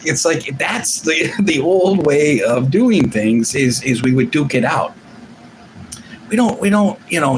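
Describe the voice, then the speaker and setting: Man in his forties, live-stream host, lively swooping delivery, profane rambler, faint hiss behind. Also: fairly high pitch. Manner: rambling, profane, restarts often. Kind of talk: casual live-stream chat.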